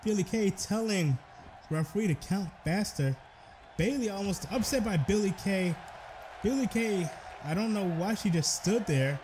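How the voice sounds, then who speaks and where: A young man giving excitable play-by-play commentary over a wrestling video game, breaking into shouted exclamations. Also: high-pitched, moderate pace, slight background noise.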